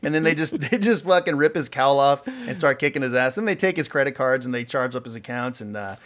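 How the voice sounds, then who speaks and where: A man's voice: medium pitch, expressive, brisk, fairly bright tone. A man co-hosting a casual comedy podcast, riffing with profanity and frequent laughter. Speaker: podcast co-host.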